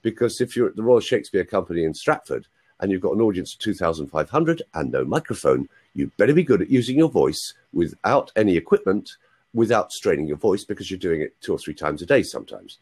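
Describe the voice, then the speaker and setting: A man's voice: sits low, sing-song, quick pace, darkish tone, breathy edge. A man working as a voice coach on a video call. He has a cold and coughs, and he explains patiently, often checking with "right?".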